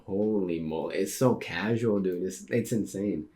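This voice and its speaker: A man streaming a casual read-through of a comic, reacting excitedly with slangy exclamations. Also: sits low, unhurried. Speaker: streamer reading manga aloud.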